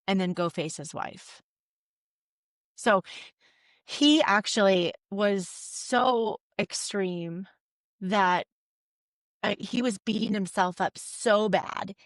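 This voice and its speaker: A woman, a couples therapist, explaining with lively, acted-out examples in an interview. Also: mid-range voice, dry recording.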